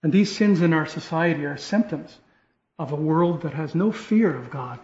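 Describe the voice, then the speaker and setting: A man's voice: on the high side, moderate pace, darkish tone. A man preaching a sermon, earnest, often restarting phrases and rising to stress key points. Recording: echoey room, dull lo-fi sound.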